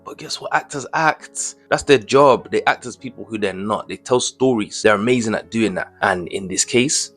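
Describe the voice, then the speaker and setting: A man's voice: fairly low pitch, moderate pace, hardly any pauses, a bit bright, soft background music. A young man giving casual commentary as a vlogger, indignant and slangy, firing off rhetorical questions.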